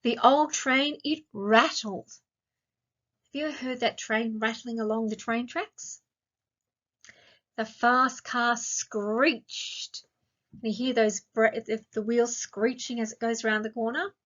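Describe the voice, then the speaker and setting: A woman's voice: fairly high pitch, steady tone, highs cut off. Australian woman teaching young kids. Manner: slow, clear, sing-song teacher questions to children. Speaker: primary school teacher. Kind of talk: recorded online grammar lesson for young children.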